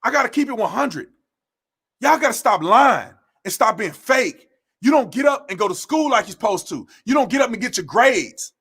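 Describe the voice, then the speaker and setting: Addressing the camera, a commentator with a very high, slightly bright and husky voice launches into a heated political tirade at a moderate pace. He sounds animated and combative, using blunt, slangy, informal language and repeating phrases for emphasis.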